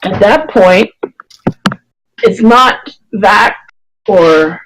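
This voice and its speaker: A woman running a tabletop game as dungeon master. She describes scenes haltingly and pauses to think mid-sentence. Her voice sits at a middle pitch. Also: animated, a bit bright, low-quality recording. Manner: hesitant, many fillers and restarts while describing.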